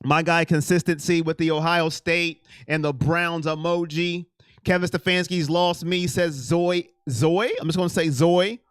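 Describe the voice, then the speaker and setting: A man's voice: a little high, unhurried, clear, resonant tone, no echo, studio quality. A middle-aged man hosting a casual sports live stream, chatting and reading viewer comments aloud. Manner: animated, reads chat aloud and reacts.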